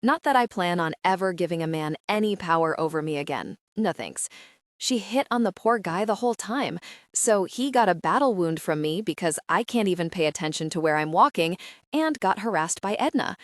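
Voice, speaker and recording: A woman's voice: on the low side, lively intonation, normal speed, dry recording, studio quality. A woman narrating a first-person romance audiobook in a wry, self-deprecating way.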